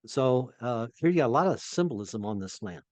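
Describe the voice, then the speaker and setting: A man co-hosting a casual chat, enthusiastic and quick with jokes. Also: medium pitch, expressive, darkish tone, dry recording. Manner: enthusiastic, jokey interjections. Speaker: co-host.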